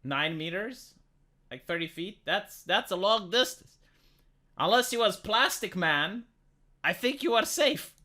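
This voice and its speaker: A woman's voice: medium pitch, measured pace. A woman from Romania giving dry, mocking reaction commentary on a viral video. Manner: dry, mocking, deadpan asides. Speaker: commentary YouTuber.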